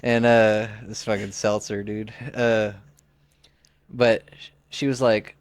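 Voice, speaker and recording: A man's voice: on the low side, little pitch movement, takes it slowly, smooth, no room sound. A man in his twenties, a podcast co-host, telling a story in a rambling casual way with lots of "like" and restarts. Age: 20s. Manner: rambling, heavy use of "like", frequent restarts.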